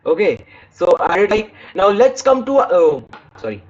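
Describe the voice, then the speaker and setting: A man's voice: high voice, big pitch swings, normal speed, lo-fi sound. A man giving an online speaking lesson, demonstrating tones by reading lines aloud and stopping to correct himself. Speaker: English speaking teacher.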